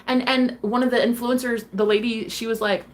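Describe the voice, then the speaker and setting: A woman's voice: on the high side, steady tone, fairly quick, a little hiss or hum. A woman hosting a tarot live stream, talking casually in a rambling, heated way, swearing freely and saying "like" a lot. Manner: rambling, heated and profane, heavy on "like".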